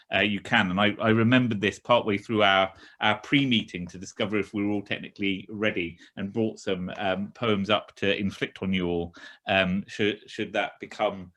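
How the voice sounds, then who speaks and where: A man hosting an online event, introducing a guest in a halting way with many fillers and restarts. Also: fairly low pitch, a bit bright. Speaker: event host. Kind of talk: hesitant casual introduction. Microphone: video call.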